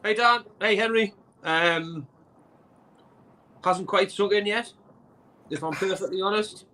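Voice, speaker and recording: An emotional man stumbles through his words as a guest, filling the pauses with ums. His voice is fairly high and bright, with a sharp edge. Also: low-quality recording. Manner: emotional, halting, many ums. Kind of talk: casual chat.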